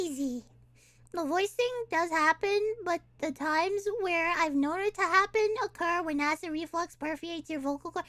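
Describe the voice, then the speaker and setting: A woman's voice: very high voice, moderate pace, a bit bright. A woman streamer in casual live-stream chat, rambling and giggling, often restarting her sentences.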